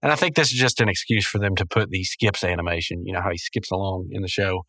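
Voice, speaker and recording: Male podcast host, rambling casual recap, bright tone, dry close mic. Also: deep voice, fast talker, dry recording. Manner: rambling, self-correcting, chuckling.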